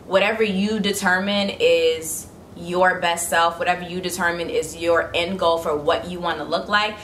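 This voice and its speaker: A young woman hosts a relaxed chat with a lower, bright and forceful voice. She gives earnest, encouraging advice, heard in an echoey room with a faint hiss behind her. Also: normal speed. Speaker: host. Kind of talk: casual chat.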